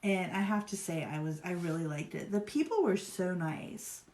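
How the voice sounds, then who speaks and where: A woman's voice: lowish voice, normal speed, a little mellow. A woman from Virginia hosting a live craft demo, chatting in a rambling, upbeat way while she works. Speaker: craft livestream host. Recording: roomy echo.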